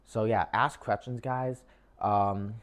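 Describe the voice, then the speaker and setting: A man's voice: lowish voice, fairly even intonation, takes it slowly. A young man casually giving job interview advice to his viewers, chatty and full of filler words. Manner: chatty, lots of "like" and "um" fillers, addresses viewers as guys. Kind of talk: casual advice talk to camera.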